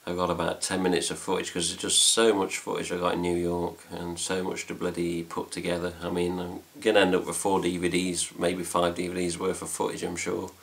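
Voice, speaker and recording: A man with an English accent and a very low, gravelly voice chats casually at home. He rambles through the story with lots of fillers and mild swearing, in a relaxed vlog style. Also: brisk, few pauses. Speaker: fan site vlogger. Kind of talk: casual chat.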